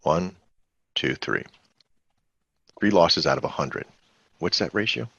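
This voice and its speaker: A man with a low, gravelly, somewhat husky voice hosts a live webinar, rambling conversationally and throwing questions at his listeners. The sound is dull and lo-fi, like a computer mic on a video call, and dry. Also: animated, takes it slowly, a bit bright, dry recording. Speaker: trading webinar host. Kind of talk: casual live webinar teaching.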